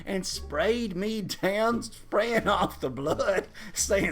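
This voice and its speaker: A man telling a funny personal story in a casual, animated way and chuckling through it. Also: high voice, very slow.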